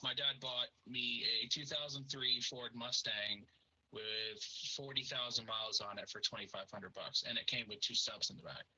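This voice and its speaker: A man on a casual podcast, explaining things slowly. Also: medium pitch, sharp tone. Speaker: podcast co-host. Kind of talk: casual chat. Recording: dull lo-fi sound with faint noise.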